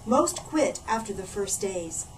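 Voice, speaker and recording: A woman, a children's librarian, reading a storybook aloud in a playful, animated way. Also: mid-range voice, unhurried. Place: library room. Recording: distant mic, faint room noise.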